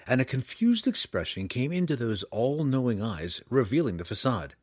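A man narrating a fantasy audiobook in an expressive, dramatic storytelling manner. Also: lowish voice, moderate pace, husky, no room sound, studio quality.

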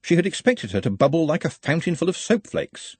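A man reading a fantasy novel aloud as narrator, with an expressive delivery. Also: a little high, a little fast, husky, no echo. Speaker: audiobook narrator. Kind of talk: scripted narration.

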